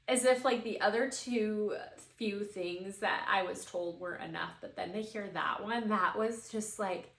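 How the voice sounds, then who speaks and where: A woman in her thirties shares a personal story on her podcast, talking in a heartfelt, emotional way and leaning on casual fillers. Her voice sits at a middle pitch. The room around her is echoey. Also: a little slow, vocal fry. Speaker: podcast host.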